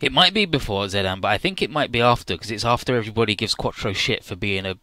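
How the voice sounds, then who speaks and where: A man chatting casually, retelling a story with animated energy, swearing and mimicking the characters. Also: fairly low pitch, fast, faint music behind. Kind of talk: casual chat.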